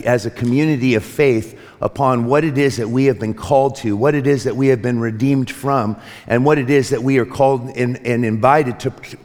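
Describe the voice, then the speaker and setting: A man's voice: mid-range voice, big-room sound. A man preaching a sermon as pastor to his church, earnest and reflective, with frequent restarts and light joking. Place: church sanctuary.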